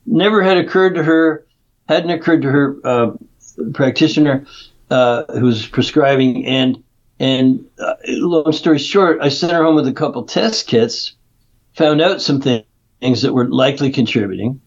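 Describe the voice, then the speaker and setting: Male interview guest, animated storyteller, mid-pitched, dull lo-fi remote audio. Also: normal speed. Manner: animated storyteller who acts out quotes. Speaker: guest, nutrition practitioner.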